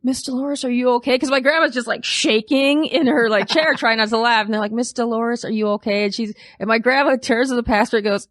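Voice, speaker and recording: A young woman chatting on a podcast, telling lively stories and acting out the people in them. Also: a little high, a little fast, few pauses, no room sound, studio quality. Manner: animated storyteller, acts out quotes. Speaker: podcast guest. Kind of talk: casual chat, storytelling.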